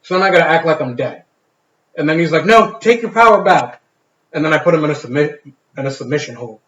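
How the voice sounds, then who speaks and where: A man's voice: on the high side, fast talker, a bit bright. A man co-hosting a podcast, telling candid stories about his kid with plenty of swearing and restarts. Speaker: podcast co-host. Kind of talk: casual podcast chat. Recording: echoey room, dull lo-fi sound.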